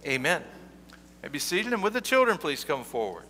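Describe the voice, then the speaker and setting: A man's voice: sits high, huge pitch swings, fast talker, bright, forceful tone. A male pastor, leading prayer and talking playfully with children in a church. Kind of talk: leading liturgy and a children's message. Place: church sanctuary. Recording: reverberant church with faint hum.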